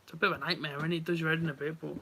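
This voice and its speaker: Talking very fast in a fairly high voice that barely moves in pitch, this young live streamer sounds pushed and bright. He chats loosely with his viewers, rambling as he comments on the match he's watching live.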